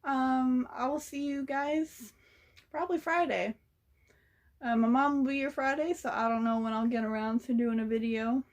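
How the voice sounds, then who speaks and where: A woman's voice: sits high, normal speed. A young woman telling a story in a casual vlog, blunt and sassy, swearing freely. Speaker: vlogger.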